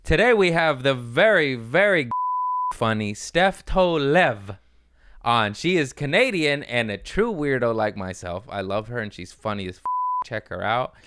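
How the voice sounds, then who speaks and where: A man's voice: mid-range voice, animated, unhurried, a bit bright, smooth, no room sound. A man hosting a comedy podcast, chatting casually and joking around. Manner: joking, rambling, throws in silly voices. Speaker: podcast host.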